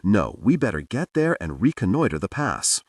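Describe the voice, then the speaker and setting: A man's voice: fairly low pitch, very animated, moderate pace, slightly rough, no room sound, clean studio sound, far from the mic. A man reading a weary agency director. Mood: worried.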